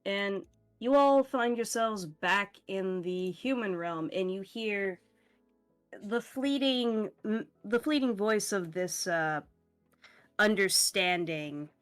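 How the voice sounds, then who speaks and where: A woman's voice: medium pitch, takes it slowly, clear, resonant tone, faint music behind. A woman narrating a tabletop game as game master, casual and loose, swearing often.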